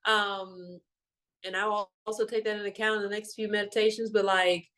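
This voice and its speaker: Woman, young adult, spiritual teacher, casual talk, emotional, lots of ums and likes, medium pitch. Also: flat delivery, a little fast, fairly bright tone. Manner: emotional, loose, many fillers. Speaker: meditation teacher and card reader.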